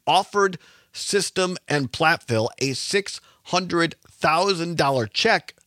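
A man's voice: a little high, a bit bright, no room sound, clean studio sound. A man hosting a radio talk show, giving emphatic, conversational commentary and sometimes correcting himself mid-sentence.

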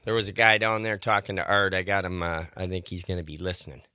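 A man's voice: low-pitched, little pitch movement, fast, pushed and bright, smooth. A man hosting a radio show, chatting casually and joking at his own expense, with a voice he puts down to years of smoking. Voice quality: smoker's voice. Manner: self-deprecating, joking. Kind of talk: casual on-air chat.

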